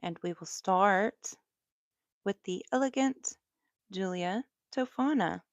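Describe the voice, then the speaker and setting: A woman with a Southern American accent telling true crime stories on a live stream in a relaxed, chatty way, with asides. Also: mid-range voice, slow, no echo. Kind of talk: live storytelling.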